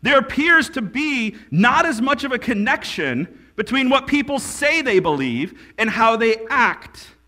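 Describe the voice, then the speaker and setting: A man preaching a sermon as a pastor, building to emphatic peaks and dropping to quiet lines. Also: very high-pitched, sing-song, a little slow, hardly any pauses.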